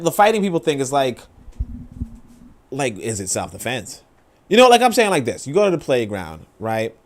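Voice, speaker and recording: A man hosting a podcast, ranting in casual, profane commentary with lots of fillers as he reacts to posts. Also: fairly high pitch. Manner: profane, rambling rant with many fillers. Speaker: podcast host.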